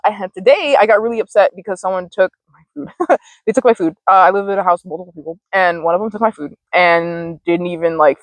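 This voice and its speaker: A woman's voice: mid-range voice, no room sound. A woman hosting a mindfulness vlog outdoors, chatting casually, laughing often and swearing freely. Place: outdoors, sitting on dirt.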